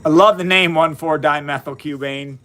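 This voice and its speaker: A science livestreamer in his fifties chats from his basement with a sharp tone and fairly even intonation, his voice a little high for a man. Cheerful and folksy, he names and thanks viewers one after another while tossing in quick asides.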